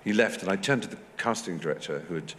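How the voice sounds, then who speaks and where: An English guest speaker in his fifties tells anecdotes at a large festival hall, animated and quick, putting on high, squeaky voices to act out quotes. The recording is echoey with slight background noise.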